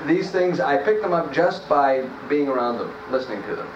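A man from New Jersey explaining accents in a relaxed, hesitant way with many fillers. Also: fairly high pitch, normal speed, background noise. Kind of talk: interview and instruction. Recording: distant, roomy, dull lo-fi mic.

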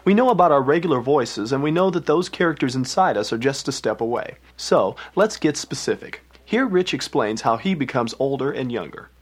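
A man's voice: mid-range voice, animated, brisk, few pauses. A man narrating a program on voice acting and introducing each clip. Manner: smooth, introducing clips. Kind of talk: scripted narration.

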